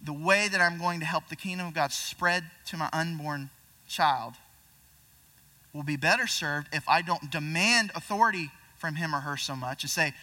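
A young man preaching a sermon in a conversational way, reading scripture and acting out quick voices of people in the story. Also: on the high side, bright, forceful tone, distant mic. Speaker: pastor.

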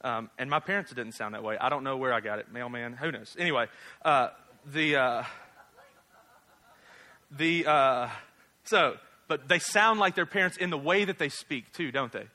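Joking pastor with a bright, ringing voice. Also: male voice, medium pitch, moderate pace. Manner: joking, conversational, rhetorical tag questions. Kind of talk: casual humorous sermon.

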